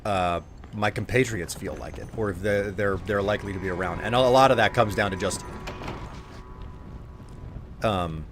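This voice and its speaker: A man's voice: on the low side, normal speed, long pauses, a bit bright, slight background noise. A man in his late thirties, a streamer chatting in an easygoing, rambling way with his viewers during a livestream. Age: late 30s. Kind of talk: casual livestream chat.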